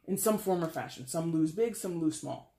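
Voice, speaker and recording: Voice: mid-range voice, animated, moderate pace, mellow. Frank, sighing tarot reader in an echoey room. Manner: frank, conversational, swears, sighs often. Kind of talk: casual tarot reading to camera. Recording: echoey room with faint ambience.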